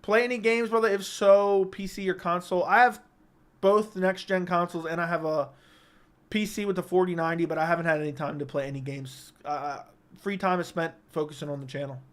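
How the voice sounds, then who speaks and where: Young male streamer, higher voice, blunt quick takes, home studio mic. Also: steady tone. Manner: blunt, opinionated, quick verdicts. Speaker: livestream host reading viewer comments. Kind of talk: casual livestream chat. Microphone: studio microphone.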